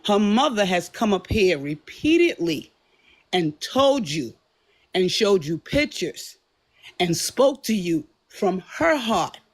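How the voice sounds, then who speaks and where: A woman in her fifties calling into a livestream, speaking in a slow, emphatic, lecturing way. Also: mid-range voice, big pitch swings. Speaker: caller. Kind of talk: earnest livestream commentary.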